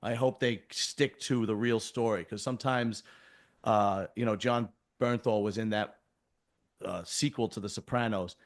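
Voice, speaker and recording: A man's voice: lowish voice, fairly even intonation, measured pace. A man hosting a casual interview, talking in a conversational, opinionated way. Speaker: host.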